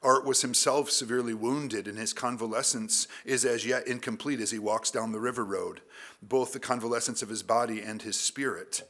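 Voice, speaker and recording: A man who is a literature professor, reading his conference paper aloud at a measured academic pace and adding a few casual asides. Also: medium pitch, steady tone, fairly bright tone.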